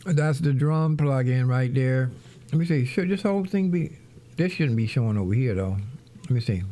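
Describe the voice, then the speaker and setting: A middle-aged man chats his way through a livestream from a home studio, rambling and casual, calling out to viewers as he works. His voice is mellow and relaxed, without much edge. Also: mid-range voice, moderate pace. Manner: rambling, talks to viewers as "y'all". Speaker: livestream host, musician. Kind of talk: casual livestream chat while setting up music software.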